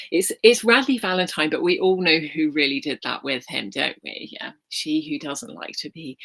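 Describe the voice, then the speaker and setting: A British woman with a softened London accent, a spiritual coach guiding a meditation and chatting warmly with a live online group over a video call. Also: low voice, gravelly, slightly rough. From England. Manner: soft, chatty, gushing. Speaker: spiritual coach and healer leading a live session. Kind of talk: guided meditation and live chat.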